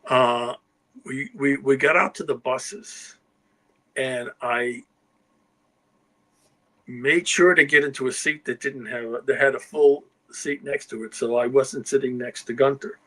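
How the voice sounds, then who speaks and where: A man's voice: medium pitch, fairly even intonation, unhurried, sharp tone, low-quality recording. An older man, a guest writer, telling anecdotes in a rambling conversational way, often checking in with "you know" and "okay?". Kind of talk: casual anecdotal storytelling.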